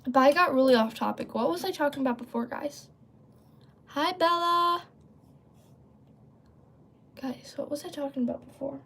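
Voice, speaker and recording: A young-sounding woman with a slightly raised pitch talks casually to her livestream audience. She wanders off topic, fills pauses with ums and likes, and keeps pausing to respond to viewers' messages. It sounds like a device mic in a casual setup. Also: a bit bright, a little hiss or hum. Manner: rambling, filler-heavy, often breaks off to read and answer chat. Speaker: livestream host.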